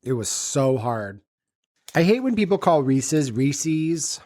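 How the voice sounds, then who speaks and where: A man's voice: mid-range voice, sing-song, takes it slowly, dark tone. Man, podcast co-host, casual chat, profane, jokey storyteller, mid-range voice. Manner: loose, profane, laughing storyteller.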